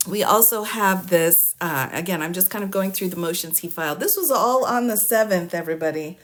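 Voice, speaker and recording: A woman's voice: fairly low pitch, brisk, fairly bright tone. A woman attorney talking casually on a livestream, walking through court filings, often laughing and sounding exasperated and amused. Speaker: attorney giving legal case updates.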